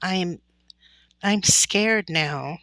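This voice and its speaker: A woman's voice: deep voice, fairly even intonation, measured pace, fairly bright tone, no room sound, rough recording. Woman reading as a frightened little girl. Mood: scared.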